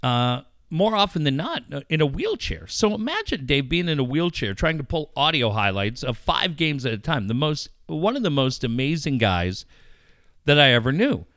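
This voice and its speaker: A man telling stories in casual chat, animated and profane, laughing often. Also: fairly high pitch, normal speed, dry recording, studio quality. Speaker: radio engineer telling stories.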